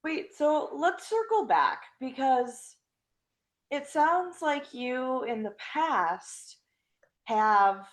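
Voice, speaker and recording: A woman's voice: high voice, very animated, drawn-out words. A young woman hosting a podcast and chatting casually, playful and teasing, laughing often. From Wisconsin. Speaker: podcast host. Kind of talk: casual chat.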